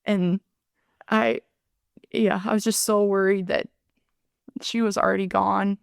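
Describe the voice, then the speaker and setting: A woman in her thirties speaks as a podcast guest in an earnest, halting way, often slipping into her own past words. Her voice is smooth and clean at a middle pitch. It sits dry and close to the mic. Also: little pitch movement, no echo. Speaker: guest, ER nurse and paramedic. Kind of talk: podcast interview, personal account.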